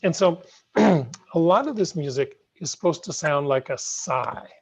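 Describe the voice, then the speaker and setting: A middle-aged man teaching piano in an online masterclass, gentle, patient and encouraging, heard over a video call. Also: a little high, expressive, a little slow, gravelly. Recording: muffled video call audio.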